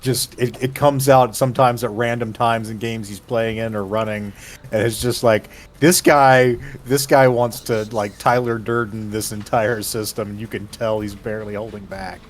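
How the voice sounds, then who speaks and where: A man's voice: on the low side, moderate pace. Man eagerly retelling a story on stream. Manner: animated storyteller, recounts scenes with acted quotes. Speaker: livestream co-host. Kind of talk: casual chat.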